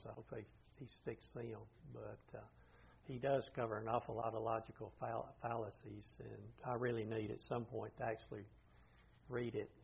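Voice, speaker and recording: Gravelly, very husky older man teaching. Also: fairly low pitch. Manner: plain-spoken, thinking aloud with restarts. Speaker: Bible study teacher. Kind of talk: informal lecture to a group. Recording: dull lo-fi recording.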